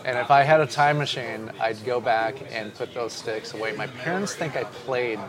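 A man's voice: mid-range voice, normal speed, a crowd in the background. A man, a drummer, telling stories in a casual interview and swearing casually. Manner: animated storyteller, swears casually. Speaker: drummer guest.

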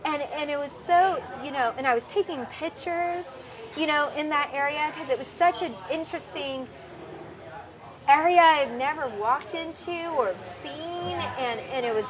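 A woman guest on a podcast, telling travel stories in an animated, rambling way, often laughing and acting out the voices of people she quotes. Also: sits high, measured pace. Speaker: podcast guest, foundation founder. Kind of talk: casual storytelling interview.

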